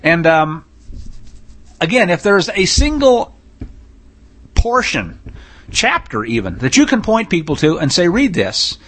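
A man delivers a sermon-style teaching on scripture, blunt and emphatic. His voice sits a little high for a man, and it climbs when he reads passages aloud with mounting intensity. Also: fairly bright tone.

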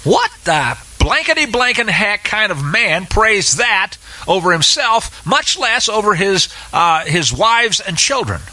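A man teaching through Scripture in an animated, sarcastic way, with many filler uhs. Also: sits high, measured pace, low-quality recording. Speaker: Bible teacher. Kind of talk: expository Bible teaching.

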